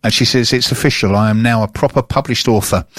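A man's voice: medium pitch, fairly even intonation, quick pace, a bit bright, no room sound, studio quality. An English man hosting a radio show, chatting casually and teasing his co-host in a jokey way. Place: radio studio. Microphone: studio microphone.

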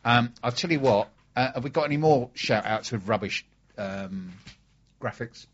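A man's voice: medium pitch, normal speed, muffled recording. A man hosting a casual radio chat show, enthusiastic and fond of telling stories. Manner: chatty, enthusiastic, storytelling.

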